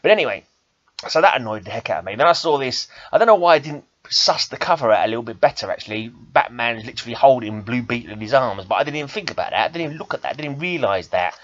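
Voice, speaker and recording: A man who vlogs about comic books and hosts a metal podcast rambles casually, chatty and self-deprecating, laughing often at himself. His medium-pitched voice has no echo, but the highs are cut off.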